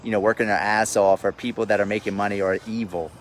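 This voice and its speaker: Blunt, low-voiced man. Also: steady tone, fast, a little hiss or hum. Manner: blunt, profane, repeats himself while riled up. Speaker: real estate investor hosting a live stream. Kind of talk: casual livestream rant. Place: outdoors at sundown. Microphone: phone livestream.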